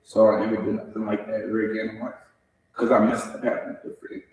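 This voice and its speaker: A young man stands before the court and speaks through tears, halting, remorseful and repeating himself. His voice sits low. The sound is a long echoing hall, picked up from well back from the microphone. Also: level tone, darkish tone. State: crying. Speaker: defendant at sentencing. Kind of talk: courtroom statement. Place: large echoey courtroom. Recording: echoey courtroom from far off.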